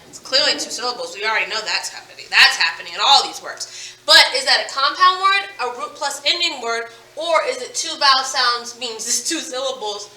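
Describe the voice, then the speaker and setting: A woman teaching a phonics lesson to children, speaking slowly and emphatically and repeating each word and sound. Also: high voice, bright, forceful tone. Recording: echoey room, mic at a distance.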